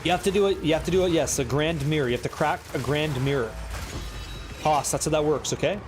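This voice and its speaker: A man streaming a game live, excitable and profane as he banters with his chat. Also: fairly high pitch, fast, over music. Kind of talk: live gameplay commentary chatting with viewers.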